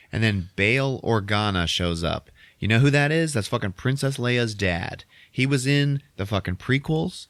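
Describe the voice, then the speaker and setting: A man casually recapping a movie on a podcast, swearing constantly and acting out the characters in quick voices. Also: medium pitch, lively intonation, fairly bright tone, dry recording, studio quality.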